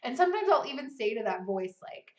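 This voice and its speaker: A woman in her thirties talking casually as a writing coach, peppering her speech with "like" and "right?". Her voice sits a little high. The room is echoey and the sound is a bit dull. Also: big pitch swings, fast, a little mellow. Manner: chatty, frequent "like" and "right?". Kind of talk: casual vlog talk. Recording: roomy, slightly dull recording.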